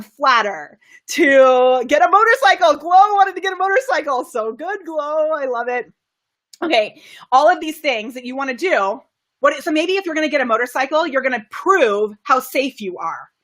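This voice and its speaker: A bubbly, enthusiastic woman coaching a live stream audience, often laughing and shifting her voice up and down to demonstrate delivery. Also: fairly bright tone. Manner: bubbly, enthusiastic, laughs often, reads viewer comments aloud; varies pitch and volume to demonstrate delivery tactics. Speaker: on-camera presentation coach. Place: home studio, live video stream.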